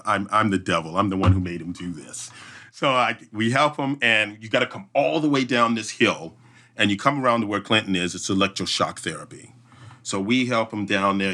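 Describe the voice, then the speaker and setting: Brief: man, podcast guest, bright, forceful voice, vivid storyteller who acts out voices and sound effects. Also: on the low side. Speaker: obstacle race emcee, podcast guest. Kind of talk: animated storytelling in a podcast interview.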